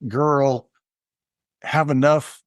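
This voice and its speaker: A man's voice: medium pitch, steady tone, extremely slow, no echo, studio quality. A man co-hosting a podcast, telling stories in a rambling way with many ums and uhs. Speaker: podcast co-host. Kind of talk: conversational storytelling.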